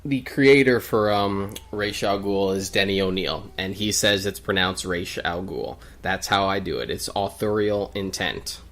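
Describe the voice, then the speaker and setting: A man's voice: on the low side, moderate pace, few pauses, a bit bright. A young man co-commenting on a game, opinionated and explaining comic lore at length. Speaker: guest co-commentator. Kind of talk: casual gameplay commentary.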